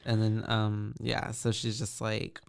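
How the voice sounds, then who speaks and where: A man co-hosting a podcast, chatting in a relaxed, agreeable way with plenty of fillers. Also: on the low side, a little slow, creaky, clear, resonant tone. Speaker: podcast co-host. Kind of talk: casual chat recapping a film.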